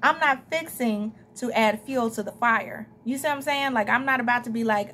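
A woman's voice: a little high, quick pace, hardly any pauses, fairly bright tone, a little hiss or hum. A young adult woman with a Southern US accent, chatting her way through a tarot reading in a rambling, casual monologue full of asides and laughs. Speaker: tarot reader.

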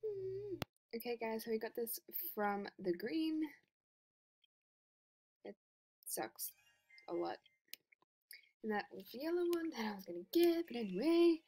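A high-pitched, slightly husky woman chats her way through a game recording. She is excitable and giggly and keeps sliding into whispers, yet her speech stays unhurried. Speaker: game video creator. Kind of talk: casual gameplay commentary.

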